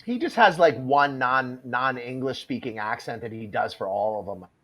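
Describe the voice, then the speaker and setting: A man's voice: mid-range voice, animated, normal speed, a bit bright. A man hosting a casual reaction chat, talking bluntly and laughing at the clips he watches.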